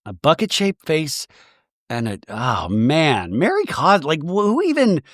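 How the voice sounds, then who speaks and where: A man's voice: on the high side, a little slow, no echo, clean studio sound. A man hosting a podcast, recapping a reality show in a wry, mocking comic tone. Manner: wry, mocking, lively delivery. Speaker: podcast host.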